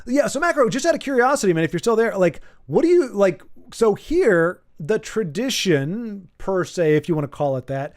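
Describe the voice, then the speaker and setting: Rambling, teasing man with a higher voice. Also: sing-song, normal speed, hardly any pauses. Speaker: streamer reading chat. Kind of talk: casual livestream chat.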